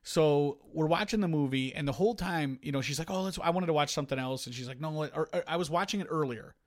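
A man co-hosting a podcast, chatting casually and telling rambling, animated stories with many restarts. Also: on the high side, fast talker. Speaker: podcast co-host. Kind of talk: casual chat.

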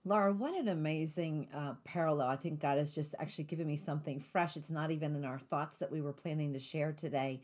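A woman's voice: low-pitched, fairly quick, hardly any pauses, darkish tone. A woman hosting a Christian talk show, reflecting on her own story with light humor before turning to scripture teaching. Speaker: host. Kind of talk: faith-based podcast chat.

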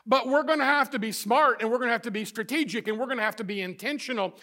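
A man's voice: extremely high pitch, quick pace, pushed and bright. A middle-aged man preaching a sermon as pastor, emphatic, building his points through repeated phrases.

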